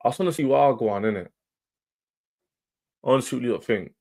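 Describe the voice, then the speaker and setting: A man's voice: medium pitch, lively intonation, quick pace, creaky, warm tone. A man hosting a football livestream, talking casually and animatedly to his chat in slang. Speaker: football channel livestream host.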